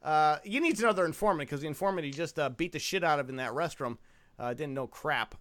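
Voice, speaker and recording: A man's voice: on the high side, quick pace, fairly bright tone. A young man co-hosting a casual movie podcast, riffing on a film with sarcastic, profane jokes. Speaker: podcast co-host.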